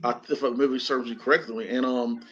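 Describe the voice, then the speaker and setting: A man's voice: medium pitch, fairly even intonation, brisk, background noise. A man as a guest in a casual film discussion, laid-back and hesitant with many fillers. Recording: slightly dull lo-fi sound.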